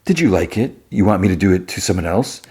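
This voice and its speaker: A man with a low voice loosely quoting a smooth, flattering stranger in a slightly raised voice. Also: fast talker, heavily acted. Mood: coaxing.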